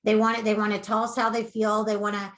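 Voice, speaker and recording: A woman coach giving earnest, animated advice in a conversational interview. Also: medium pitch, fast. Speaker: weight-loss coach.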